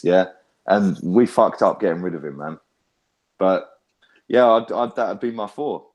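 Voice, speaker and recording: A young man, talking in a lowish voice. He hosts a fan chat and rants loudly with heavy swearing. His speech is animated, with frequent tag questions thrown in. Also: measured pace, dull audio. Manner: loud, sweary, animated ranting. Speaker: fan channel host. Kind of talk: heated casual fan chat.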